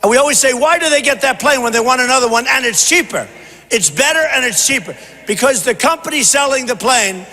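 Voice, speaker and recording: A man giving a campaign rally speech in a large convention hall, punchy and repetitive, often shouting. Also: very high voice. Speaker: presidential candidate. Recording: long hall reverb, faint noise.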